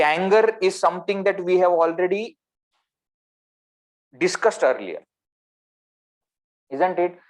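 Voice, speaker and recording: An Indian English man gives a spiritual talk over a video call. He is animated and keeps asking his listeners rhetorical questions. His voice moves between loud emphasis and near-quiet asides. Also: high-pitched. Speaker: spiritual teacher. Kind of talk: spiritual discourse.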